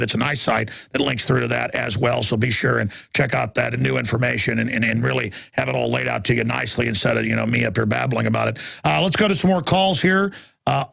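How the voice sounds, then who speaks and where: A man's voice: mid-range voice, gravelly, fairly bright tone, no echo. A man hosting a call-in talk radio show, talking in a rambling, emphatic way with lots of fillers and restarts.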